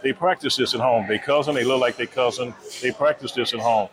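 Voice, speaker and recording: A man with a medium-pitched, brisk voice heads security at a nightclub and casually tells stories in an interview, acting out dialogue in raised voices. He's in a busy restaurant, and background noise and crowd chatter surround him.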